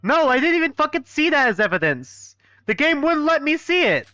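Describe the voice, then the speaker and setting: Excitable, swearing young man gaming. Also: very high voice, fairly quick, dry recording. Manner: excitable, swearing, mock-outraged. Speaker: let's play gamer voicing a fan game. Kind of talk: live game playthrough with character voices. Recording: dull, dry close-mic sound.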